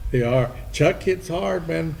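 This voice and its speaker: Hosting a live podcast at a restaurant venue, a man with a high-side, creaky, darkish voice tells stories slowly and casually, swearing and acting out what others said. The live remote recording has faint noise.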